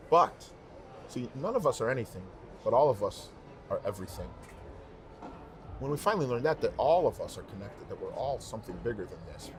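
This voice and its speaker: A man who is a professional singer, guest on an interview show, telling stories in an animated, emphatic, rambling way. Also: on the low side, noisy background. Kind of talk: casual interview talk.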